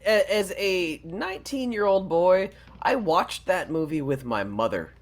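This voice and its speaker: Man with a lively, swooping voice. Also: sits high, unhurried. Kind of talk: casual chat.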